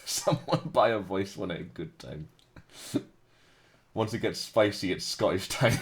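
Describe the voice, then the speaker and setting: A man's voice: sits low, unhurried, long pauses, husky. A man streaming a game live, reading its narration aloud dramatically between jokey, profane banter with chat.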